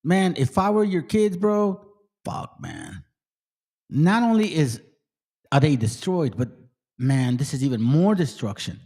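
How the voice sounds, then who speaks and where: A man's voice: a little high, animated, measured pace, warm tone. A man hosting his channel, giving angry, profane commentary on videos he plays. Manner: profane, heated, ranting. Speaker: channel host.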